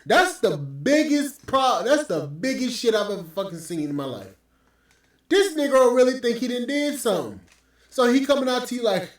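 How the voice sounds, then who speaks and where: A man's voice: very high voice, big pitch swings, normal speed. A man hosting a podcast, ranting with profane, scornful commentary. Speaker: podcast host. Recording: very echoey room, mic at distance.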